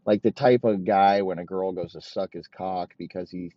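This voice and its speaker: Deep-voiced man ranting crudely. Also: steady tone, moderate pace, dry recording. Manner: crude, rambling, heavy swearing, mock outrage. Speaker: podcast host. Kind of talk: profane comedic rant. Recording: dull, dry lo-fi recording.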